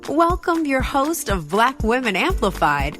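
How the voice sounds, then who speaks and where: A woman's voice: sits high, big pitch swings, measured pace, over music. A woman reading a scripted podcast intro in a polished, upbeat announcer style. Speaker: show announcer.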